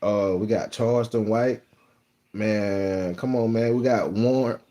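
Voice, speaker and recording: Steady, dark and lowish, the voice of a young live-stream host with a Texas Southern accent moves at a measured pace. He chats casually, bragging and rambling through slang-filled stories.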